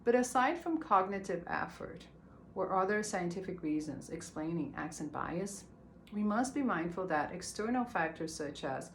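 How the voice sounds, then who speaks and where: A woman giving a prepared talk, speaking in a measured, earnest way. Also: on the low side, creaky, slight background noise. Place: stage.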